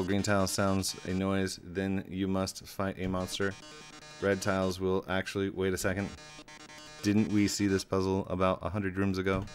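A man's voice: deep voice, lightly acted. A man voicing a flamboyant, theatrical male robot TV star, speaking melodramatically and gloating, calling the listener darling. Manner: melodramatic, mock-grieving, gloating.

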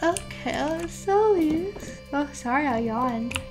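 With game music in the background, a young woman VTuber chats casually while playing a farming game. Her high voice is animated yet slow-paced, sleepy, playful and full of gamer slang as she talks to her chat.

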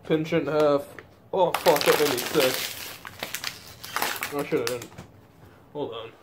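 A man's voice: a little high, measured pace, very noisy. A man vlogging casually, swearing constantly with blunt running commentary. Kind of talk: casual self-filmed vlog.

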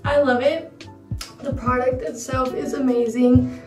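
A young woman with a fairly high voice gushes and dramatizes as she reviews makeup in a casual vlog. She sounds a little distant from the mic, in a roomy, echoing space. Faint music plays underneath. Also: measured pace. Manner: gushing, excitable, dramatic. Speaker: beauty vlogger. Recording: roomy echo, mic far off.

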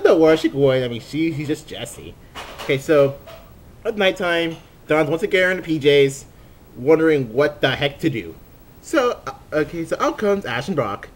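Rambling man narrating a fan dub. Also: a little high. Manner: rambling, full of fillers and restarts. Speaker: fan dubber, channel host. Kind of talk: casual improvised photo-dub narration.

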